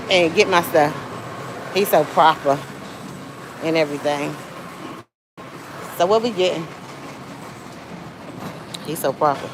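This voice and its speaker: A chatty woman with a Southern US accent, talking straight to her livestream viewers on a handheld phone as she shops. Clear store noise and ambience sit under her voice. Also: lowish voice. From Southern United States. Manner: chatty, talks straight to viewers with sudden exclamations. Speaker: livestream host. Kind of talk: casual livestream chat. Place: grocery store.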